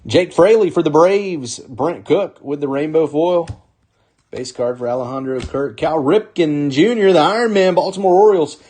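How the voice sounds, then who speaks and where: Male card-break host, slightly high voice, upbeat live commentary calling out pulls. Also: darkish tone. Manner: upbeat, calls out names in quick bursts, chuckles often.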